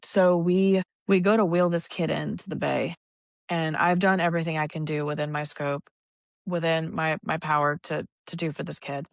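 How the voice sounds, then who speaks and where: Young woman paramedic guest: low and gravelly, raw and halting, close dry podcast mic. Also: fairly even intonation, no room sound. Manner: raw, halting recounting with restarts and profanity. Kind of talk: emotional podcast storytelling.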